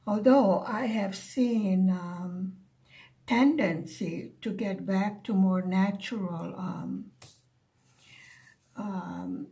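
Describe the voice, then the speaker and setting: A soft-spoken woman talks with her viewers as she works on a diamond painting, musing unhurriedly. Her pitch sits in a middle range and she takes her time over each thought. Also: drawn-out words, creaky. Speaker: craft vlogger. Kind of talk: casual chat while diamond painting. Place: living in Hungary, at home.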